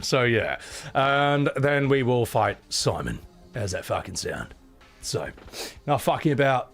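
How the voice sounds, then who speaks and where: A man's voice: mid-range voice, slow pace, faint music behind. A man with a Scottish accent chatting casually on a live stream, blunt and sweary, thanking viewers between rants. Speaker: livestreamer.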